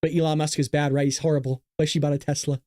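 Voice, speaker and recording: A sarcastic man rants through a live-streamed political commentary show, his voice sitting a little high for a man. He mocks opponents and reads out viewer chat as he goes. The sound is close and dry, with no room echo. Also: little pitch movement, fast talker, darkish tone.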